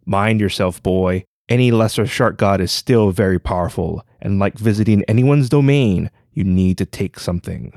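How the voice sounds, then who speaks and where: A man's voice: on the low side, moderate pace, hardly any pauses, darkish tone, no echo, clean studio sound, close to an everyday voice. A man voicing a playful old male sage who giggles and teases. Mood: teasing. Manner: playful, knowing.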